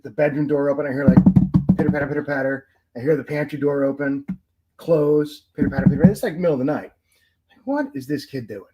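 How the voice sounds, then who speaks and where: A man's voice: fairly high pitch, darkish tone, slight background noise, rough recording. A man in his forties, a podcast guest, telling family stories in casual chat and laughing often.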